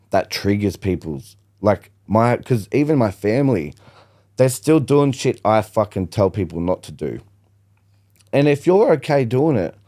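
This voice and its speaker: A man's voice: medium pitch, mellow. Fired-up young man swearing a lot. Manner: blunt, heavy swearing, fired-up storytelling. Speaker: podcast guest. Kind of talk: casual podcast chat.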